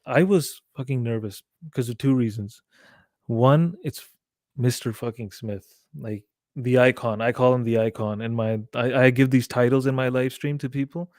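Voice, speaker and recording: Animated man telling a story. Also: mid-range voice, moderate pace, no echo, clean studio sound. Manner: animated storytelling, acting out quoted dialogue; frequent swearing. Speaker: guest musician. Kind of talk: casual podcast chat.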